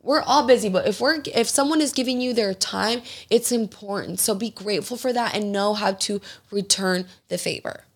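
A young woman hosts a casual podcast conversation in a chatty, animated way. She slips into the voices of people in her stories and swears without a second thought. Her pitch sits in an ordinary middle range. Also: moderate pace, few pauses, husky. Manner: animated storytelling, acts out quoted people. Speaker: podcast host.

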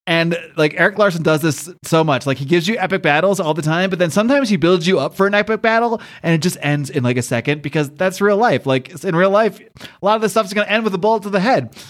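A man in casual podcast conversation, speaking in a slightly high voice and audibly enjoying himself. He talks excitedly, often laughing and restarting his sentences, with plenty of fillers. He sounds loose and unscripted, like chatting with a friend. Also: fast. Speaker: podcast host.

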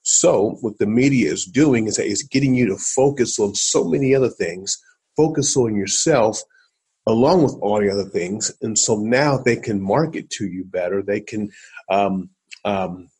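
A man from Ohio, a former football player, telling stories as an interview guest, animated and addressing listeners directly. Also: on the low side, normal speed, breathy edge, rough recording. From Columbus, Ohio, USA. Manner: animated storyteller, acts out quotes, talks to the listener. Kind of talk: storytelling in a podcast interview.

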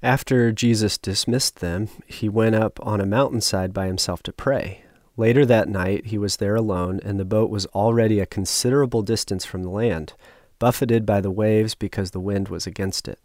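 Low-voiced man explaining scripture thoughtfully. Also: fairly even intonation, moderate pace, darkish tone, dry recording, studio quality. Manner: explanatory, reflective. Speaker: Bible study participant. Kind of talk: Bible study discussion.

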